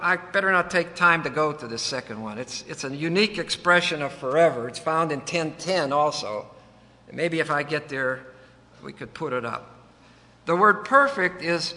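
Emphatic preacher in a reverberant hall. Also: male voice, fairly high pitch, moderate pace, bright, forceful tone. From United States. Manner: emphatic, folksy joking asides, stresses words. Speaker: preacher teaching a Bible verse. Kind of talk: sermon with word study. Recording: long reverb of a large hall.

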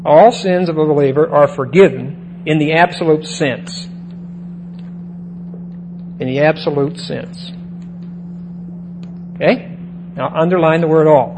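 A man's voice: fairly high pitch, poor audio. Bible-teaching man with a faint hum. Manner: repeats key phrases and checks in with "okay?". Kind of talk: sermon-style Bible lesson.

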